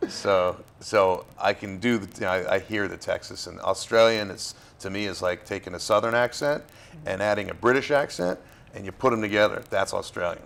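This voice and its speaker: A man from Florida, an actor being interviewed, talking in a relaxed, halting way with fillers and restarts. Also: lowish voice, gravelly. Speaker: actor guest. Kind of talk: casual interview talk.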